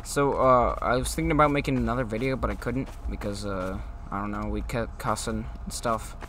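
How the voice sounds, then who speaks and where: A man's voice: on the low side, steady tone, brisk, fairly bright tone, a little hiss or hum. A man chatting casually during gameplay, guiding his friend and explaining what happens. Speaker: gaming YouTuber.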